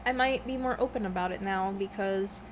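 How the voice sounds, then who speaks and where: A young woman talks to the camera from a room at home as she eats, rambling from story to story with plenty of swearing and laughter. Her voice sits in a middle pitch, and a faint hum of background noise runs under her voice. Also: brisk. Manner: rambling, scatterbrained, swears a lot, laughs often. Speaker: vlogger. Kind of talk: casual mukbang chat.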